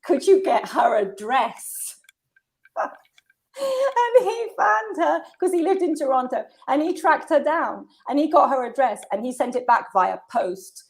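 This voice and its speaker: Animated storyteller woman in her fifties. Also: high voice, measured pace, gravelly. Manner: animated storyteller, laughing often. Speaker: guest. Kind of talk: casual conversation.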